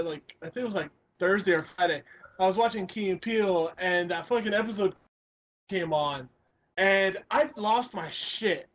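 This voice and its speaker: A young man co-hosting a casual podcast, excitable and crude, laughing as he retells comedy sketches. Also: high voice. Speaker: podcast co-host.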